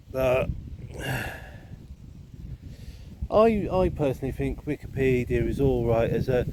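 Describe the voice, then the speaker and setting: Walking through open countryside, a man with a lowish voice talks casually to his camera over a noisy background. His vlog chatter is wry and meandering, full of playful asides.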